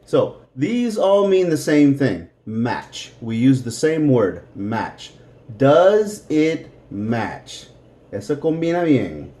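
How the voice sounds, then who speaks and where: A man teaching an English lesson, slowly repeating words for pronunciation and adding Spanish translations. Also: a little high, warm tone. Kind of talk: slow, deliberate English lesson.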